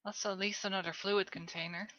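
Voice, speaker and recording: A woman taking part in a tabletop game as a player, brisk as she runs through her gear. Her voice is bright. The recording is dry and slightly dull, like a call mic. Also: mid-range voice, steady tone, dry recording. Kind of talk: tabletop game session over voice chat.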